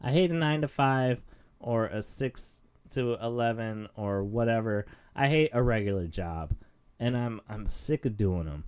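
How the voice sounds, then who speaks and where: Rambling young man ranting casually. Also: medium pitch. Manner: rambling, self-mocking, with frequent fillers and laughs. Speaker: podcast host.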